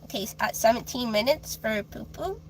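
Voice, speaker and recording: A woman's voice: fairly high pitch, animated, brisk, a little hiss or hum, low-quality recording. A woman streaming live as a tarot reader, chatting casually with many fillers and restarts in a childlike voice.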